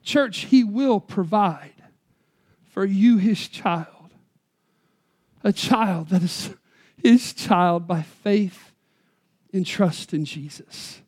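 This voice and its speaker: Telling a story mid-sermon, this medium-pitched preacher keeps things folksy and conversational. Loud emphatic moments alternate with quiet, slowed-down stress on the words that matter.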